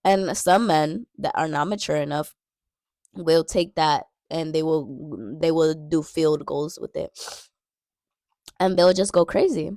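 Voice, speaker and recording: Earnest young woman, low gravelly voice. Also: slow pace, darkish tone, no echo, clean studio sound. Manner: earnest, repeats key phrases for emphasis. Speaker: Christian dating vlogger. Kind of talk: casual advice talk.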